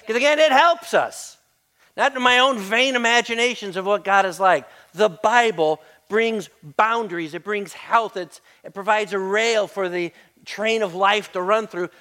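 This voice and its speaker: High-voiced pastor giving a sermon. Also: male voice. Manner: conversational, repeats words, varies loudness widely. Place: church sanctuary.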